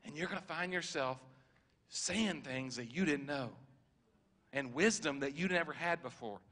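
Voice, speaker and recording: A man's voice: fairly high pitch, normal speed. A man, a preacher speaking prophetic words over a church member, repeating himself with restarts and chuckling often. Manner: warm, repetitive, stammering restarts, chuckles often. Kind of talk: prophetic ministry at a church service.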